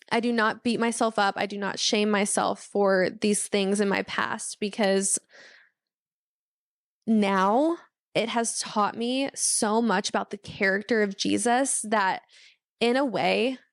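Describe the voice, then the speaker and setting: A woman's voice: mid-range voice, no room sound, studio quality. A young woman hosting her own podcast, sharing a personal faith testimony in an earnest, heartfelt way with frequent fillers and restarts. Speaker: podcast host.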